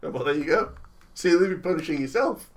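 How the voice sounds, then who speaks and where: A man's voice: fairly high pitch, expressive, fast. A tired man in his thirties co-hosting a casual film-review podcast, rambling and teasing his co-host and laughing often. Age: 30s.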